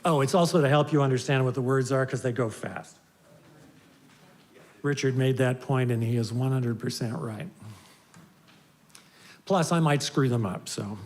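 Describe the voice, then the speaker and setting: A man leading a worship service who reads a poem and gives relaxed, joking song instructions to the congregation. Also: mid-range voice, normal speed, pauses often.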